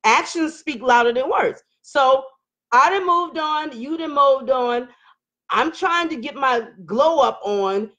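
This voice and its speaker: A middle-aged woman with a high-sitting voice speaks slowly while hosting a casual live stream. She reads viewer comments, laughs, and breaks into emotional outbursts, using Southern Black vernacular phrasing in an animated way.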